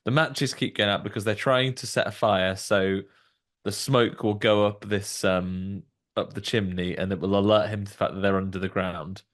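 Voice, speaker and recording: A man with a somewhat low voice retelling a film plot on a podcast. He keeps a wry, dry humor as he goes. His delivery stays conversational and unhurried. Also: steady tone, fairly bright tone. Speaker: podcast co-host. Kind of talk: casual film discussion.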